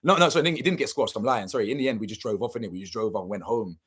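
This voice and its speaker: A man's voice: lowish voice, very fast, a bit bright, husky. A young man, telling a story casually and animatedly, full of slang and swearing, acting out what people said. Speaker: channel host.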